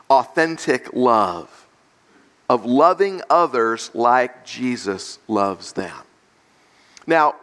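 A male pastor preaching a sermon, slow and deliberate, stressing key words through repetition. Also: on the high side, a bit bright.

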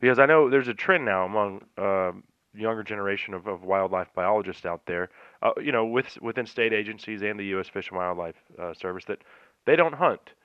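A man's voice: on the low side, animated, fairly quick, clear, resonant tone, no echo, muffled recording. A man with a Texan accent hosting an outdoor radio show, talking in an easygoing, drawling way with plenty of filler words. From Texas. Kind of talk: casual outdoor radio talk.

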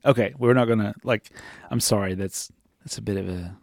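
A man's voice: fairly low pitch, brisk, vocal fry, no room sound, clean studio sound. A man co-hosting a podcast, chatting casually and jokingly about a road trip with his partner. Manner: rambling, jokey, talks over partner. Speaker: podcast co-host. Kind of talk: casual chat.

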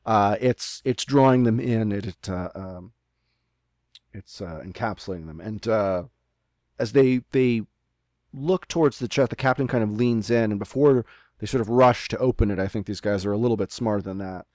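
A man's voice: fairly low pitch, moderate pace, darkish tone, no room sound, studio quality. A man running a tabletop game as game master, narrating scenes with many ums and uhs over a remote call.

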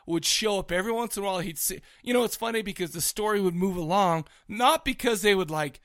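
A man with a notably high voice co-hosts a casual podcast, talking excitedly about films. He swears freely and breaks into laughter. The sound is dry and close. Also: fast talker, no room sound. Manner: excitable, profane, laughs often. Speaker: podcast co-host. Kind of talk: casual movie review chat.

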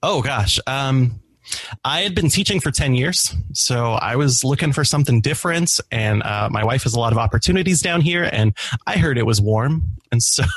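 A man guesting on a casual podcast chat, easygoing, laughing often and pausing to search for words. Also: medium pitch, lively intonation, a bit bright, husky, no echo.

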